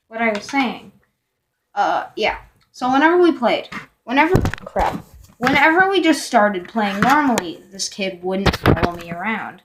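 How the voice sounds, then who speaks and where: Rambling young girl telling a storytime. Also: a little high. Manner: rambling, full of fillers and asides, sometimes whispering. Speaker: vlogger. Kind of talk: storytime vlog.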